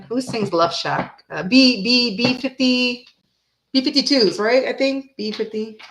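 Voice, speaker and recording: This tarot reader and channel host talks a little slowly in a fairly high voice during a casual live reading from home. She drifts between subjects, hums or sings bits of songs, and occasionally turns soft and tender to talk to her cat.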